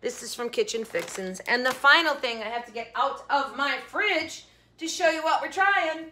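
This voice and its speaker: Chatty young woman, food vlogger at home, slightly high and bright, rambling asides. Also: moderate pace. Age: young adult. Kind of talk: casual chat. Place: home kitchen.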